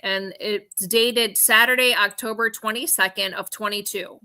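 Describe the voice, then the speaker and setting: A woman co-hosting a live stream, calmly reading through screenshots and texts. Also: medium pitch, a little slow. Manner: matter-of-fact, reads out screenshots and texts. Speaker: co-host and auction seller. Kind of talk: live-stream talk walking through a timeline.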